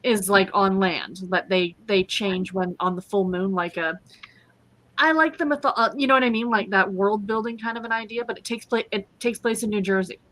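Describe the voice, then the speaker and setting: A woman's voice: medium pitch, normal speed, fairly bright tone. A woman in a casual stream chat, talking animatedly and laughing often.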